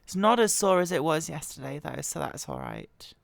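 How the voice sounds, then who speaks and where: A woman with a bad cold, hoarse and quiet, her voice wobbling as she reads scripture aloud close to the microphone. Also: wildly swooping pitch, no room sound. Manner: quiet, halting, voice wobbling in pitch. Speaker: Bible reader. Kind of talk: slow scripture reading.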